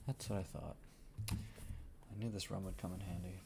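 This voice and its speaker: A man's voice: low-pitched, fairly even intonation, normal speed, creaky, long pauses, warm tone, slight background noise. A man casually narrating his solo tabletop game, improvising with profanity as he rolls dice.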